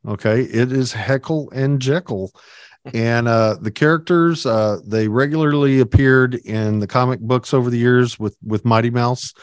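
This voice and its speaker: A podcast co-host with a mid-range voice chats casually at a moderate pace, rambling and hesitant with lots of fillers. The recording is clean studio sound with no room noise.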